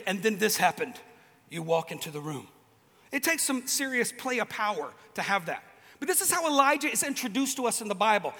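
Male preacher, very high and bright, loose joking delivery, reverberant venue. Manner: casual, joking storyteller with restarts. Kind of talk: sermon. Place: large event venue with a band.

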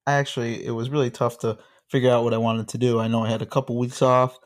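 Easygoing man with mid-pitched voice. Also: level tone, fast. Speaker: podcast co-host. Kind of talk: casual chat.

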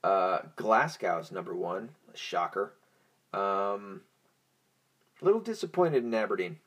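A man's voice: on the low side, lively intonation, unhurried. A young man hosting a podcast in a casual, profane, rambling monologue, stoned and easily distracted. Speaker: podcast host.

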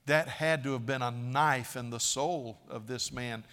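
A man's voice: medium pitch, a little slow, fairly bright tone. A man preaching a sermon, dramatic and emphatic, acting out quoted speakers with a raised voice. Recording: long reverb of a large hall.

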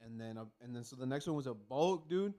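A man's voice: medium pitch, lively intonation, quick pace, warm tone. A man co-hosting a casual podcast, telling a long rambling story with lots of swearing and restarts. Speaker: podcast co-host.

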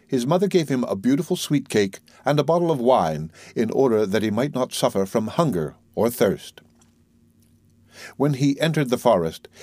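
A man narrates a classic fairy tale in a measured, clear storybook reading. His voice sits at a middle pitch and the recording is dry and close, with no room sound. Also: mellow, no room sound. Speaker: audiobook narrator.

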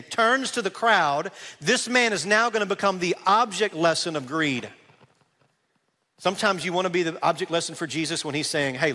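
A man preaching a sermon as a pastor, conversational and animated, with asides to the congregation. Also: a little high, in a large hall.

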